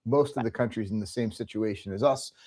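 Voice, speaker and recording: A man from New Jersey hosts a casual live cruise chat show. His voice sits a little low, and his talk wanders, full of "uh"s and false starts. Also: brisk, a crowd in the background. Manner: rambling, many fillers and restarts. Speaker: cruise travel show host.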